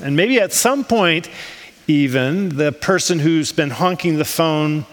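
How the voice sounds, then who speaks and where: An American pastor preaches a sermon in a large hall at a church in Switzerland. His voice is a little high and animated, his pace measured. He talks conversationally, using rhetorical questions and plenty of ums.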